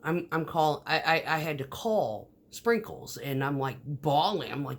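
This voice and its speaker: A woman's voice: low voice, normal speed, few pauses. A woman vlogger telling stories in a casual, rambling monologue, swearing often, with many fillers and restarts. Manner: profane, storytelling, frequent fillers and restarts.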